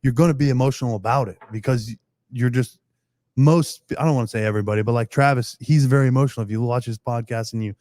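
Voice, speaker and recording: A man, a football player guest, chatting casually on a podcast and telling animated stories. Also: medium pitch, fast, no echo, studio quality. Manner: animated storytelling with acted-out quotes. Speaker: pro football long snapper guest.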